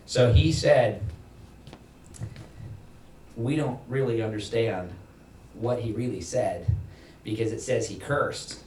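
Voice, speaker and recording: A man preaching a sermon as pastor, emphatic, climbing in pitch and loudness to stress his points and acting out quoted voices. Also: takes it slowly, pauses often. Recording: echoey hall from far off, faint noise.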